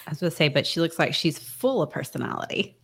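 A woman's voice: low-pitched, lively intonation, fast, creaky, slightly rough. A woman hosting a casual interview, reacting with short exclamations and asking questions. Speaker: podcast host.

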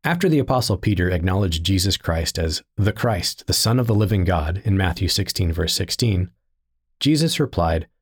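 A man giving a scripted teaching narration in a measured, deliberate reading style. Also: sits low, lively intonation, slightly rough.

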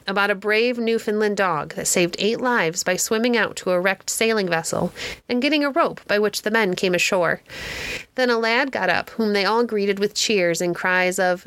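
A woman reading a classic novel aloud in a steady, clear narrating voice. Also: medium pitch, no room sound. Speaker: audiobook reader. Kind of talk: audiobook narration.

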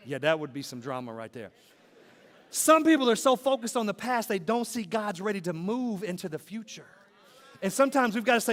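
High-voiced preaching pastor, man. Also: animated, brisk, a bit bright. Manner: rhythmic preaching with repeated phrases, rising to emphatic peaks. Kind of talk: sermon. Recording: long hall reverb.

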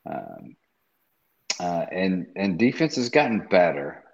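A man with a very low voice speaks slowly and hesitantly, restarting his sentences as he talks through his bets. The audio is dull and lo-fi. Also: sing-song, gravelly. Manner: slow, hesitant, restarts often. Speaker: podcast co-host making betting picks. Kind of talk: casual sports-betting chat.

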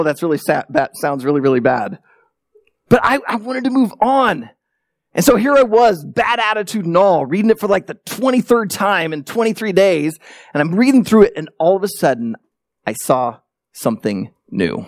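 Male pastor, conversational sermon, self-deprecating, lively pitch. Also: moderate pace, no room sound, studio quality. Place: church sanctuary.

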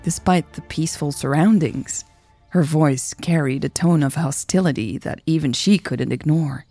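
A woman narrating a story in a slow, measured way. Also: low-pitched, mellow, soft background music. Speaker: podcast storyteller.

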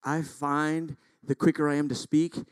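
A man's voice: a little high, level tone, a little slow, smooth, no room sound. A man, a pastor, preaching a sermon in an intense, emphatic way with self-deprecating asides. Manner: intense, builds to loud emphatic peaks.

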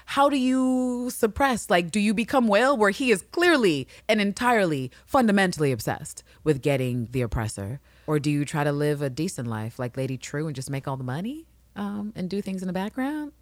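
Podcast co-host, woman, low and dry, lively and swearing in bursts. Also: a little fast, dry recording. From New York City. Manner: animated, swears, bursts of excitement. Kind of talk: casual TV recap chat.

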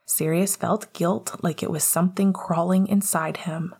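A woman reading a story aloud in a hushed, intimate whisper. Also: on the low side, steady tone, unhurried, vocal fry, breathy edge. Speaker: audiobook narrator. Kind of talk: soft whispered fan fiction reading.

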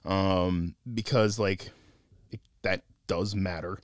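A man co-hosting a casual podcast film review, animated and laughing often as he acts out lines he quotes. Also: low-pitched, takes it slowly, no echo, clean studio sound.

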